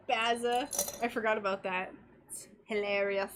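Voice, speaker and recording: A woman's voice: fairly high pitch, expressive, slow, pauses often, slight background noise. A woman chatting casually and giggling as she works on stained glass during a live stream, reading out messages from her viewers. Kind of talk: casual live-stream chat while crafting.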